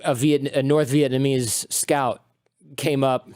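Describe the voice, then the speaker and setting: A man hosting a podcast, asking measured and curious questions and summing up his guest's story. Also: medium pitch, fairly even intonation, darkish tone, clean tone, dry recording, clean studio sound. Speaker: podcast host. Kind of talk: interview questions.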